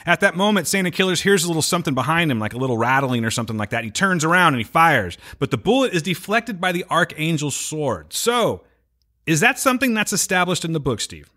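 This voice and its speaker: Lively bright-voiced man recapping. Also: a little high, fast. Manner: animated, slips into playful character voices. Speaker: podcast co-host. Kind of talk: casual recap chat.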